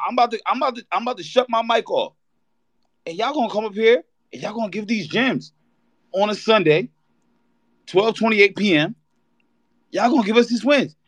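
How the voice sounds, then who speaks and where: A man co-hosting a fan show, ranting with heat and profanity, breaking into shouted bursts. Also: high-pitched, no echo. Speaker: podcast co-host. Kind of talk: heated fan rant on a live audio show.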